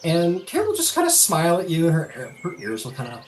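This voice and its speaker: A man's voice: fairly high pitch, fairly quick, recorded from a distance, faint music behind. A man narrating a tabletop role-playing game as game master, loose and full of fillers. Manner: loose, filler-heavy, animated.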